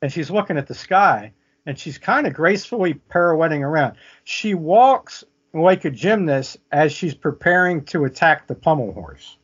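A man's voice: a little high, lively intonation, moderate pace, a bit bright, slightly rough. A man telling a vivid story as an interview guest, often checking in with "okay?". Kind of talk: casual storytelling. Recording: muffled lo-fi audio.

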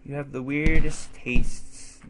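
A young man with a mid-range voice casually commentates his gameplay at a slow pace over a noisy background. He's an excitable let's play gamer who yelps and swears at the game, chatting to his cat between runs.

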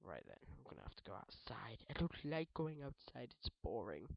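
A British teenage boy chats loosely over his game, joking and backtracking as he goes. His voice sits at a middling pitch. The cheap mic sounds dull and dry, with no room echo. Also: sing-song, fairly quick, gravelly. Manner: rambling, jokey, self-correcting. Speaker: gaming video host. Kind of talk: casual let's play commentary.

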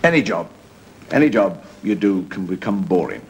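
A man's voice: low voice, sing-song, moderate pace. A middle-aged Irish comedian telling stories in a droll way, acting out the characters in his jokes. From Ireland. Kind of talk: stand-up storytelling. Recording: noisy broadcast recording.

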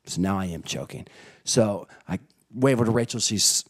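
A middle-aged man preaching a sermon, telling a story with animated energy and acting out family members. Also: lowish voice, normal speed, breathy edge. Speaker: pastor.

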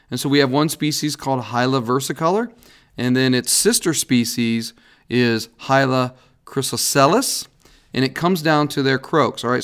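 A man teaching a recorded biology lesson over slides, casual and folksy, with frequent "all right"s and small restarts. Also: medium pitch.

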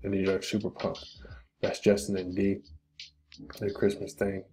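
A man's voice: low-pitched, monotone, moderate pace, dark tone, a little hiss or hum. A man hosting a casual question-and-answer stream, talking bluntly with profanity and pep-talk encouragement. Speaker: crypto channel host. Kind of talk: casual Q&A livestream.

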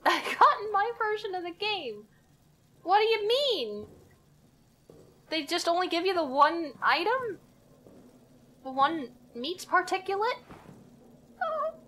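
A woman's voice: very high-pitched, pushed and bright, a little hiss or hum. A young woman streaming a horror game live, talking to herself in a jittery, giggly way and swearing as she goes. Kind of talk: live gaming commentary.

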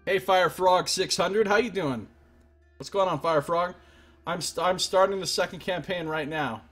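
Chatty male Let's Play streamer, slightly high, husky voice, reads game text aloud between asides to chat. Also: moderate pace, fairly bright tone, faint music behind. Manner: chatty and self-deprecating, greets chat viewers. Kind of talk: casual game commentary, reading game text aloud.

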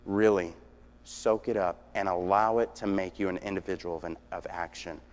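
A man preaching a sermon, telling stories with energy that swings from hushed to shouting. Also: deep voice, fairly even intonation, normal speed. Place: church sanctuary. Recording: long church reverb.

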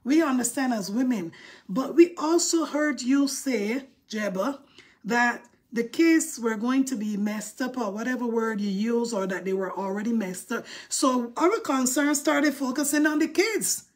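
A woman's voice: on the high side, normal speed. A woman commentating on a live video, bold and confrontational, putting pointed questions to the people she talks about.

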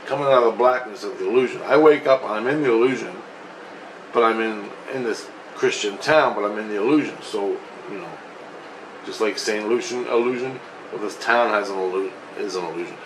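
A man telling a rambling, profane story in a casual vlog, getting excitable as he goes. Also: on the low side, brisk, background noise. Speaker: vlogger.

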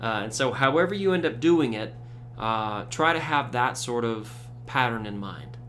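A man giving a casual ukulele tutorial, relaxed, with frequent fillers, counting beats aloud. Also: mid-range voice, normal speed, slight background noise. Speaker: ukulele teacher. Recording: loud ukulele under voice. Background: ukulele strumming.

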